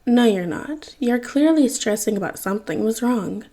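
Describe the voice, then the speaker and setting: A woman's voice: a little high, lively intonation, moderate pace, mellow. A woman voicing a prying teenage boy who questions his friend in a dry, insistent way.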